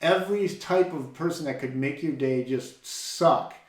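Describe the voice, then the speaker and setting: A podcast co-host on a casual faith-based show tells a story with real energy, his slightly high voice moving at a measured pace. He often restarts his sentences and repeats words as he begins a thought. The room sounds echoey.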